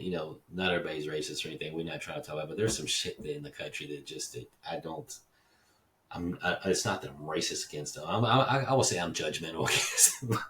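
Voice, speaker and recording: A man's voice: deep voice, fairly bright tone. A middle-aged man hosting a casual solo podcast, rambling and profane, often laughing at his own jokes. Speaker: podcast host. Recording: roomy and distant from the mic, faint background noise.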